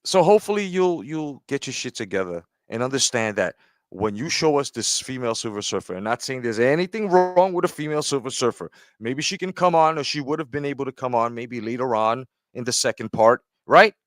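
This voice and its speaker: A man's voice: mid-range voice, expressive, a little fast, no room sound, studio quality. A man giving a heated, profane commentary rant, often asking "right?". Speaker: commentary streamer. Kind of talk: ranting commentary.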